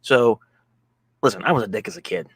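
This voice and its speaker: A man in casual podcast chat, telling profane, animated stories as a guest co-host. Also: fairly low pitch, fairly quick, slightly rough, no echo.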